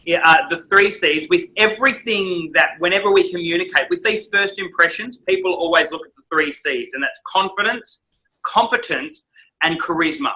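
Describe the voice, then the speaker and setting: A man, a speaking coach, giving an enthusiastic, animated training talk with emphatic delivery. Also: high voice, normal speed, rough recording.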